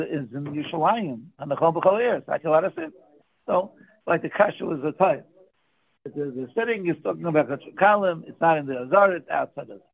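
A man with a raised, gravelly voice and a husky, raspy edge leads a daily Talmud class. He works through the text by asking questions aloud and then answering them. The sound comes through a thin, tinny phone-like line. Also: a little high. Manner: explains by asking and answering his own questions. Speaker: Talmud teacher.

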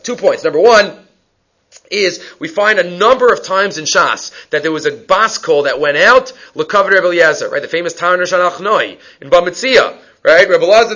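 A man's voice: high voice, animated, brisk, pushed and bright. A man teaching a Talmud class, reading Aramaic lines and explaining them in English, asking and answering his own questions. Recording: dull lo-fi recording.

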